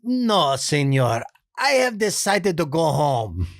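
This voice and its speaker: Pleading nice-guy man, put-on Spanish accent, high and lively, hoarse old-dub sound, a man voicing him. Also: slow, dry recording, clean studio sound, exaggerated voice.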